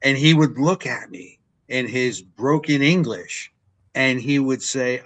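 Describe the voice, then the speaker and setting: An older man, a longtime ring announcer, telling stories in a relaxed interview and acting out what people said. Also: moderate pace, low-quality recording. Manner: animated storyteller, acts out quotes with big pitch jumps. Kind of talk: storytelling interview chat.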